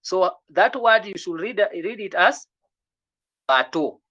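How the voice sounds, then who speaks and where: A language teacher giving an online French lesson, patiently encouraging students and repeating words slowly so they can drill them. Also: medium pitch, fairly bright tone, lo-fi sound.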